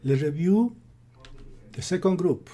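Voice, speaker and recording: A man with an Ecuadorian Spanish accent teaching a grammar lesson, reading out verb lists in a slow, deliberate manner. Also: high voice, lively intonation, mellow. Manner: slow, deliberate, drills word lists aloud.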